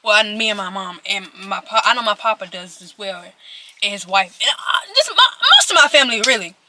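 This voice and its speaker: A woman's voice: mid-range voice, big pitch swings, a little fast, heavy background noise. An eighteen-year-old woman telling a personal story to her viewers while eating, in a chatty way that speaks straight to them. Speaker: vlogger.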